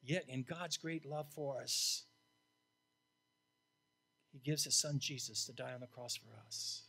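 An older man, an interim pastor, preaching a sermon in a blunt, emphatic way that swings from loud to hushed. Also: mid-range voice, fairly even intonation, a little slow, vocal fry, slightly rough.

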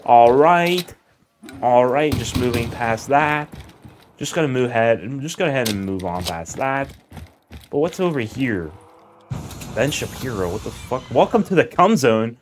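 A young man giving crude, joking commentary while playing a video game, breaking into loud excited outbursts. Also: mid-range voice, unhurried, slight background noise. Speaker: gaming video host. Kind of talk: let's play commentary. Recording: game music underneath.

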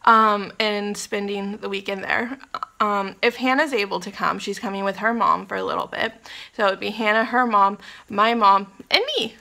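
A woman's voice: mid-range voice, fairly even intonation, normal speed, vocal fry, pushed and bright. A young woman vlogging from her condo, chatting in a scattered, giggly way with plenty of ums and apologies. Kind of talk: casual rambling vlog chat.

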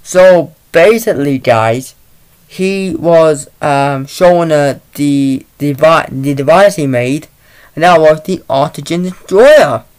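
A man giving a casual movie review, retelling the plot in a halting, rambling way into a laptop mic. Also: a little high, darkish tone, clean tone.

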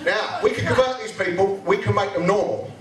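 A man performing a stand-up set in a blunt, sweary way, slipping into quick voices for office characters. His voice sits a little high, and it is heard from a distance. The room is echoey, with a crowd audible. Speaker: stand-up comedian. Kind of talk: stand-up comedy routine. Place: live venue with audience laughter.

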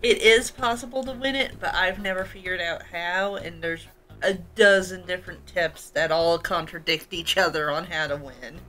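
A woman's voice: on the low side, moderate pace, sharp tone, faint music behind. A woman guiding a first-time player through a game, giving plain advice. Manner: matter-of-fact, giving advice. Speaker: guide for the player. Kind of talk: casual gameplay chat.

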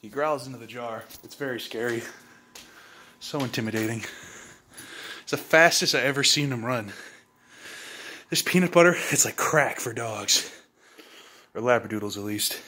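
A man vlogging casually, cooing at his dog in high baby talk. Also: moderate pace, pauses often, sharp tone, a little hiss or hum.

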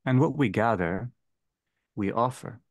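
A man leading a theology seminar, speaking slowly and deliberately and restating each phrase. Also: mid-range voice, dry recording. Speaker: seminar leader. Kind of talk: theology lecture.

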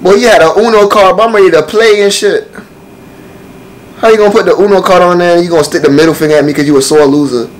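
Brash high-voiced young man roasting strangers. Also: fairly even intonation, fast talker, rough recording. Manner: brash, profane slang banter with frequent laughter. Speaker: streamer on a random video chat app. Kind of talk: casual chat, roasting strangers.

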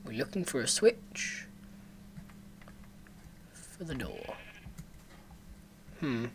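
A man's voice: medium pitch, wildly swooping pitch, drawn-out words, gravelly, background noise. A man giving casual commentary while playing a parkour game, talking to himself with sudden frustrated outbursts. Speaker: gaming let's player.

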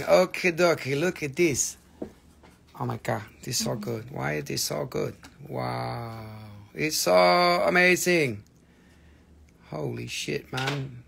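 A man's voice: fairly high pitch, gravelly, a bit bright, a little hiss or hum. A man hosting a live mineral sales stream, talking in a joking, rambling, playful way as he announces prices. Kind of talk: casual live selling banter.

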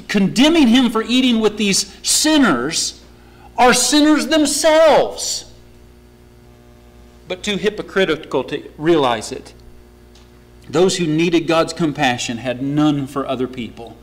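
A man's voice: sits high, poor audio. A man preaching a sermon in a church, earnest and questioning his listeners. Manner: earnest, asks the congregation questions.

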